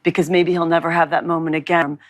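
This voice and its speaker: Woman, lower voice, halting recollection. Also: flat delivery. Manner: halting, searching for words. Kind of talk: emotional remembering.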